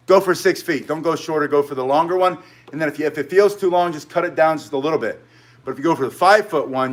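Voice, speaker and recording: A middle-aged man runs a casual martial arts lesson from his studio, his voice sitting a little high for a man. He chats with viewers as he goes and keeps drifting onto side stories before coming back to the technique. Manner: rambling, chatty, goes off on tangents. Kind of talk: casual live tutorial, chatting with viewers.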